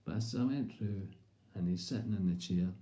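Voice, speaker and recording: Rambling Scottish man, dark voice. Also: on the low side, normal speed. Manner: rambling, chatty. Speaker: comedian. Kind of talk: comic storytelling. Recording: roomy echo.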